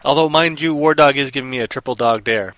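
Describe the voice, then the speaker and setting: A man's voice: mid-range voice, fast talker, a bit bright, no room sound. A man hosting a live stream, telling an improvised story and teasing his co-host in a playful, goofy way.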